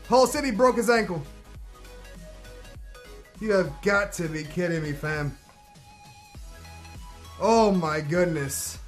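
A man commentating on his own football video game, excitable and slangy, who shouts at the plays. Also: high voice. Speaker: gaming commentator.

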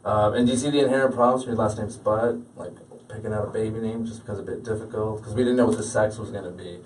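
A man's voice: lowish voice, steady tone, quick pace, darkish tone, a little hiss or hum. Late-thirties male stand-up, self-deprecating and punchy, picked up from a distant mic. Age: 30s. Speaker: stand-up comedian. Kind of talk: stand-up comedy set. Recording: stage audio from a distant mic.

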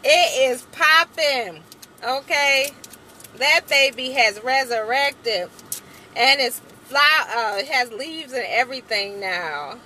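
A young adult woman vlogging from inside a car, chatting casually and playfully with her viewers, breaking into high exclamations. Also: slow, sharp tone, slight background noise.

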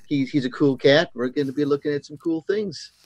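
Casting: man as a laid-back con guy, slightly high voice, dry sound. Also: fairly quick, darkish tone, no room sound. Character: laid-back young male con-goer.

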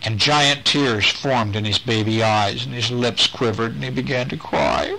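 Dad reading bedtime story to his kids, bright clear voice, gentle and lively. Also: medium pitch, a little slow, rough recording. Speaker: father reading to his children.

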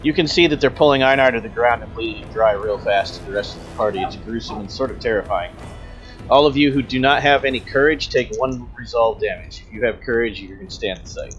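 A man running a tabletop role-playing game as game master, briskly explaining rules and teasing the players. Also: medium pitch, faint music behind, poor audio.

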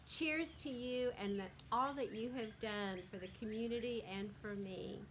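Cheerful higher-voiced woman, faint hiss. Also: normal speed. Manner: cheerful, upbeat. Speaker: friend giving birthday wishes. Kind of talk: recorded birthday message.

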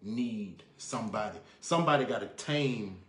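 A man, a guest on a casual live-stream chat, laying out his opinions in a measured, down-to-earth way. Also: fairly low pitch, lively intonation, fairly bright tone. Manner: measured, explains his view with everyday examples. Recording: echoey room.

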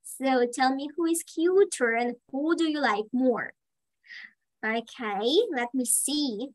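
Slow, high-voiced woman teaching kids. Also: low-quality recording. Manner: slow, encouraging, praising answers. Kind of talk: online kids' English lesson.

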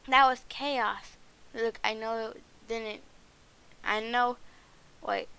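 A woman's voice: a little high, fairly even intonation, takes it slowly, sharp tone, clear, resonant tone, heavily acted. A woman reading the lines of an exasperated ogre wife in a plain read-aloud way. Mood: reproachful.

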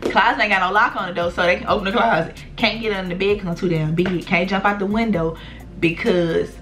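A young woman vlogger spins a storytime for her followers, animated and slangy, cursing freely as she talks to them directly. Her voice sits at an ordinary middle pitch. Soft music plays faintly behind her. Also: brisk. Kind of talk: storytime vlog.

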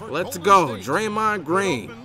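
A young man commentating his own basketball video game, loud and exasperated, yelling and swearing at the players. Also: high-pitched, big pitch swings, slow. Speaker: gaming YouTuber. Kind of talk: live gameplay commentary. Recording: game music behind the voice. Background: game music and basketball commentary.

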